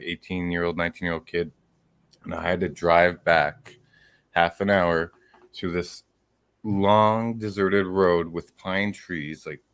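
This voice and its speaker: A man from Canada hosting a live show, telling stories in an animated way with many fillers. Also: sits low, no room sound. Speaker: host. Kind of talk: casual storytelling chat.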